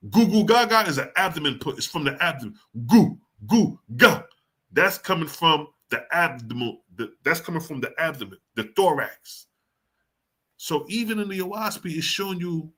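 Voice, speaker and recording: A man with a bright, forceful voice that sits a little high for a man. He reads religious passages aloud and then breaks them down in loose, slangy street talk, pressing each point with emphasis. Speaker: scripture teacher. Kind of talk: casual scripture commentary.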